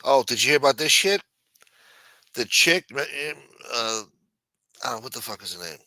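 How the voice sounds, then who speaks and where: A man's voice: medium pitch, big pitch swings, a little slow, sharp tone, no echo, low-quality recording. A man hosting a late-night livestream who rants casually and reads news aloud in a profane, blunt and mocking manner. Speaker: livestream host. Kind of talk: casual ranting commentary.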